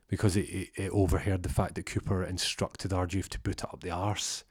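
Husky man telling a comic story. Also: low-pitched, fairly quick, hardly any pauses, dry recording, studio quality. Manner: lively, acts out voices and sound effects.

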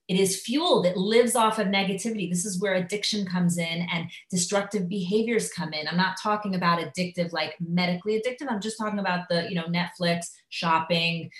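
A woman's voice: fairly low pitch, echoey room. A woman teaching a live class, talking animatedly with many fillers and acting out inner voices. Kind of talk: live lecture on Jewish thought. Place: classroom at a school.

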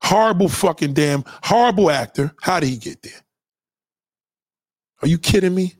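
High, lively, swearing man ranting. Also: moderate pace, no echo, clean studio sound. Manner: animated, profane, preachy and conspiratorial; repeats himself for emphasis. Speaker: vlogger giving opinions. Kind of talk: profane rant to camera.

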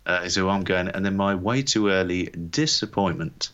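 Deep low-voiced guy from england cohosting a podcast, rambly and relaxed, kinda dull lo-fi sound. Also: normal speed. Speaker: podcast co-host. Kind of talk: casual chat.

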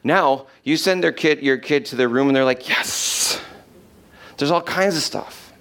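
A man preaching a sermon, reading scripture aloud and explaining it, slowing down to stress key verses. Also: fairly high pitch, a bit bright. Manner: emphatic, slows down to stress quoted verses.

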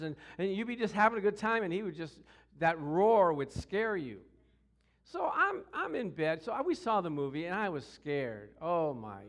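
Animated storytelling male preacher. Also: high voice. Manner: animated, acts out quotes with shouts and growls. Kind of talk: storytelling sermon.

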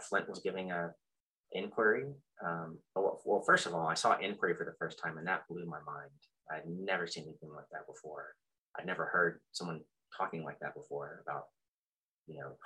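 A middle-aged man telling a personal story in a halting, reflective way, full of fillers and restarts, with soft self-deprecating chuckles. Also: low-pitched, low-quality recording. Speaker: practitioner sharing his story.

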